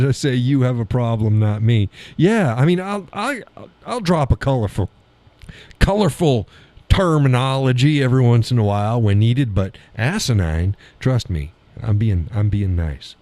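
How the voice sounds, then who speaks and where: A middle-aged man hosts a live stream, reads out viewer comments and spins stories full of profanity and laughter. His pitch swings widely as he tells them. The sound is dry and close, with no room around it. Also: no room sound. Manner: profane, laughs often, animated storytelling. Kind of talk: casual chat reading viewer comments.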